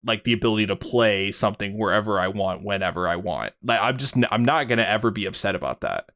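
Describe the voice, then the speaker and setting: A man with a lowish voice chats on a podcast in a loose, rambling way. He circles his points, restarting often and leaning on fillers. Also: expressive, fast talker, a bit bright. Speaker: podcast co-host. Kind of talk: casual chat.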